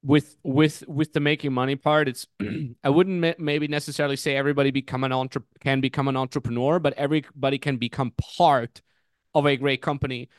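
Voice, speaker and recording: Clear-voiced casual podcast host, man. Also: medium pitch, fairly quick, no echo, clean studio sound. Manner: animated storytelling, heavy swearing.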